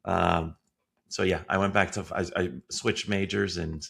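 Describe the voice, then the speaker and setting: Guest, male, from Connecticut: gravelly, lowish voice, animated and quick to laugh. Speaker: guest, sales consultant. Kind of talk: casual interview chat.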